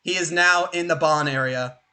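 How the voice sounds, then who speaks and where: A young man running a tabletop game, his voice bright and a touch high. He narrates the action quickly and animatedly, filling pauses with "uh" and "like". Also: clean tone. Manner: animated, fast, filler-heavy. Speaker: game master.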